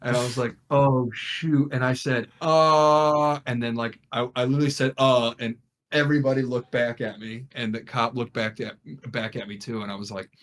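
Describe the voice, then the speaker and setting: A man's voice: medium pitch, fast. A young man co-hosting a podcast, telling a story casually among friends and acting out what people said. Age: young adult. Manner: animated, acts out what people said. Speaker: podcast co-host.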